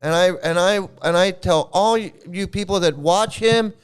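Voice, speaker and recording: A man delivering angry vlog commentary in a fairly high voice, heated and full of profanity. His tone is smooth and clear, and he keeps circling back to the same insults. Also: normal speed. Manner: heated, profane, repetitive ranting. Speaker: channel host.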